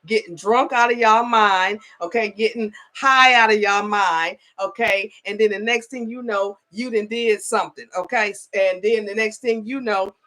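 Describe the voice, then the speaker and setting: A middle-aged woman talks in a casual vlog with a bright, forceful tone. She rambles through her story and keeps checking in with the listener with "okay?" and "you know". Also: medium pitch, fairly even intonation, moderate pace, hardly any pauses. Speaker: spiritual advisor.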